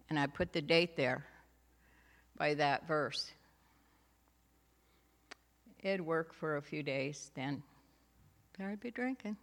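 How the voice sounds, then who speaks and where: Slow-talking woman in a reverberant hall. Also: low voice, fairly bright tone. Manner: slow, homey storytelling with laughs and asides. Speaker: church speaker giving a testimony. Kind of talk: personal faith testimony.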